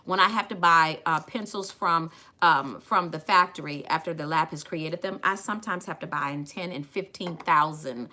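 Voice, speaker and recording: Woman, middle-aged, chatty live makeup-tutorial host; low-ish, bright, punchy voice. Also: normal speed. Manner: chatty, addresses viewers as y'all and ladies. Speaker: makeup brand owner streaming a tutorial.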